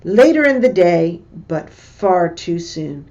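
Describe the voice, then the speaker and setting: A woman teacher reading a book passage aloud and stopping to explain what words mean, in a slow, deliberate way. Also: on the low side, very animated, darkish tone, highs cut off. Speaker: English teacher.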